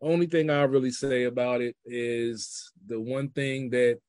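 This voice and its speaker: A man's voice: medium pitch, fairly even intonation, a little slow, darkish tone, no room sound. Earnest male guest, reflective casual talk, dry close recording. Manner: reflective, earnest, loose phrasing. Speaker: podcast guest. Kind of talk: casual chat.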